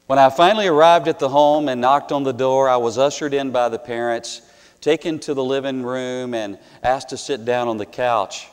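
A man preaching a sermon, telling a story earnestly with dramatic pauses and rising to louder passages. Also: medium pitch, steady tone, clean tone. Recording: long hall reverb.

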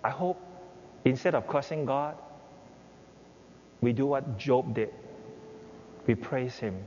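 An older male pastor, his voice slow and mellow, delivers a sermon and acts out pleading prayers with impassioned fervor, his pitch rising as he goes. The recording has a dull, reverberant hall sound with faint noise.

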